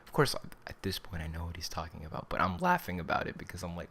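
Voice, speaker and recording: A man's voice: deep voice, sing-song, fast talker, a bit bright, slight background noise. A young man in his late teens telling a story in a casual, rambling way, with lots of fillers. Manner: rambling, filler-heavy "like" delivery. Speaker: vlogger.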